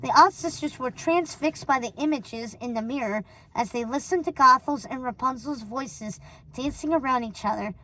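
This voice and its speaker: A woman narrating a storybook read-aloud in an expressive, animated way. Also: high-pitched, moderate pace, rough recording. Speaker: storybook reader.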